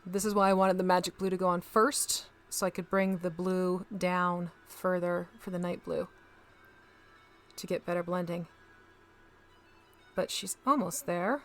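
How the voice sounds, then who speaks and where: A woman's voice: on the low side, level tone, measured pace, pauses often, soft background music. A woman hosting a casual live stream, chatting to viewers as she paints miniatures and talks through each step.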